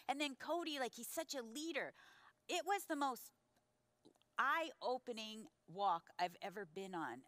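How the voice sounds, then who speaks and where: A woman in her sixties telling a personal story in a conversational sermon, animated and acting out the voices. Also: on the high side, a little slow, no echo. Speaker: pastor's wife, co-speaker.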